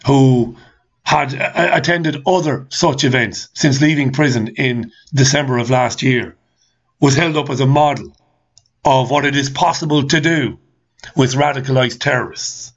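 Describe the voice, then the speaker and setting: A man's voice: medium pitch, breathy edge, dull audio. A man hosting a talk show, ranting angrily with repeated rhetorical questions and swearing. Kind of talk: ranting monologue reading listener comments.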